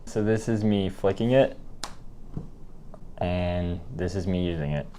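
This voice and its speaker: Excitable, slow-talking woman co-host. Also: a bass voice, background noise. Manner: excitable, bursts into laughter and shouts. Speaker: YouTube challenge co-host. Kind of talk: casual challenge banter.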